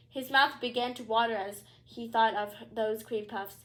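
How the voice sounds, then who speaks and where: A woman's voice: a little high, steady tone, moderate pace. Woman reading a children's book aloud. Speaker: storybook reader.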